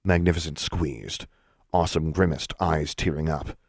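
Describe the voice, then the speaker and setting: A man narrating a story in a measured, expressive way, recorded on a close mic. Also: rumbling low, creaky, breathy edge, no echo. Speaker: audiobook narrator.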